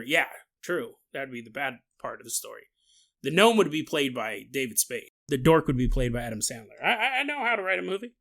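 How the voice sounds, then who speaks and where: Bright-voiced joking podcast host man. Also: mid-range voice, very animated, brisk, vocal fry. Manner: rambling, jokey, laughs often. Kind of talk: casual storytelling podcast.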